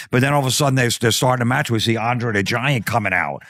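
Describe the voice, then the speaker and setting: A man's voice: mid-range voice, quick pace, hardly any pauses, fairly bright tone, no echo, clean studio sound. A man telling a profane comic story, acting out the quotes. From New Jersey. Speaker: comedian guest.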